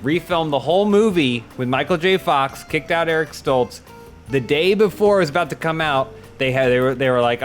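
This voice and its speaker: A man's voice: mid-range voice, fairly quick, faint music behind. Man joking around on a comedy panel. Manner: playful, spins tall tales deadpan. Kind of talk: joking casual banter.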